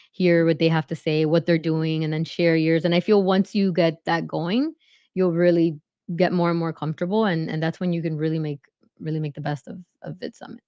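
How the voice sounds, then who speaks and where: A woman's voice: on the low side, a little mellow, no echo, dull audio. A woman giving friendly advice on a group video call, hesitant, with many fillers and restarts.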